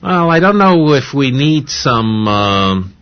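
A man speaking as a guest on a radio show, giving measured opinions with some fillers. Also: medium pitch, sing-song. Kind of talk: casual radio interview. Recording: dull radio audio.

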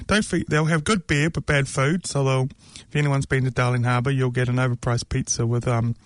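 Talking a little fast with fairly even intonation at medium pitch, a man from New Zealand gives a casual, joking opinion monologue without echo. He rambles, uses frequent filler words like um, and throws in mocking asides.

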